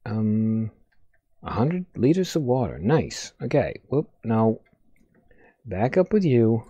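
Excitable, lively man with a dark voice. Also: lowish voice, takes it slowly, husky, no room sound, muffled recording. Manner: excitable, swears often, talks to the game. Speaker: gaming video host. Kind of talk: let's play commentary.

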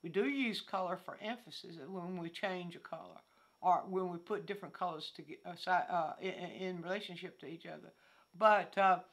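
A woman's voice: lowish voice, moderate pace. An older woman teaching art informally outdoors, thinking aloud with frequent restarts and fillers as she explains. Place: outdoors among fallen leaves.

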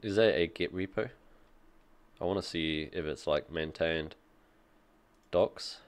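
A man's voice: deep voice, takes it slowly, clear, resonant tone. A man reading an article aloud and reacting with offhand, dry remarks in a casual tech commentary.

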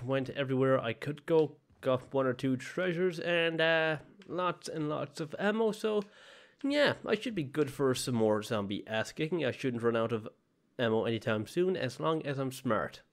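A man's voice: on the high side, expressive, moderate pace. Casual, self-mocking male gamer. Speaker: gaming channel host. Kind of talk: let's play commentary. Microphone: desk mic with webcam.

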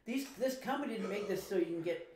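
A man's voice: sits high, expressive, fast talker, darkish tone, roomy sound, a little hiss or hum. Buzzed man bantering, swearing casually. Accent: Canadian. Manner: laid-back banter, swearing. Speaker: podcast co-host. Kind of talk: casual beer review chat.

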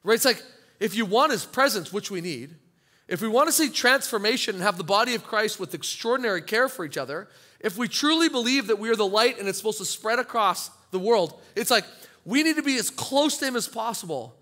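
A young man preaching a sermon as pastor, casual and animated, often acting out the voices of churchgoers. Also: high-pitched, brisk. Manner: animated, acts out congregants' inner voices.

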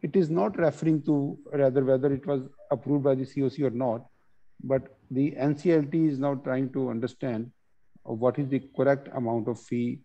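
A man presenting a webinar on court judgments, reading case text and explaining it with many pauses and fillers over a video call. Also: mid-range voice, fairly even intonation, highs cut off.

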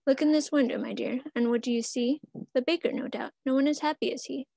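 A gentle, wise mother gives her small daughter soft rhymed counsel, voiced by a woman reading the story aloud. Her voice sits high, and the sound is close and dry. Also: fairly even intonation, quick pace, gravelly, no room sound. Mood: tender. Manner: soft, consoling rhymed verse.

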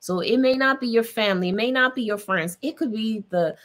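A woman's voice: a little high, fairly quick, fairly bright tone. A woman hosting a podcast, giving an earnest, encouraging health talk and speaking directly to listeners, often repeating herself. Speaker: podcast host.

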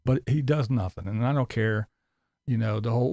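A man's voice: medium pitch, a little fast, vocal fry, warm tone, no room sound, studio quality. A man ranting sarcastically and profanely in a casual vlog. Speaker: vlogger.

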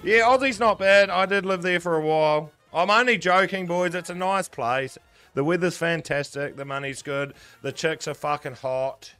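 A man's voice: fairly high pitch, fairly even intonation, normal speed, pushed and bright, clean tone, soft background music. A young man with a New Zealand accent, chatting casually and swearing often while he live-streams slots and answers his chat. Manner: swears a lot, banters with chat. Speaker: gambling streamer.

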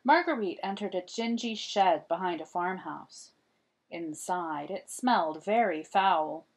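Slow, expressive woman reading a storybook. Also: lowish voice. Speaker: storybook reader. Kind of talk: children's picture book read-aloud.

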